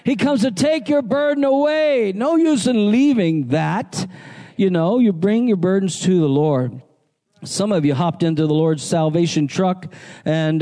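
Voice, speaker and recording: A male pastor delivers a sermon, reading scripture and calling out questions to his congregation. His voice sits high for a man, with a soft, mellow tone. His delivery is animated, with frequent restarts. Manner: animated preaching, calls to the congregation.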